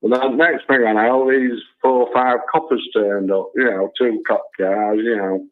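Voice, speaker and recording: Over a tinny phone line, a man with a mid-range voice calls in to a talk show and spins a rambling anecdote at a moderate pace with fairly even intonation. He's chatty, peppering the story with tags like "you know" and "and all that."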